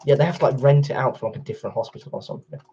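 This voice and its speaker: A man's voice: medium pitch, very fast, dark tone, husky, highs cut off. A man chatting casually on a gaming livestream, arguing back and forth with his chat in a rambling way. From England. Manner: rambling, argumentative replies to chat.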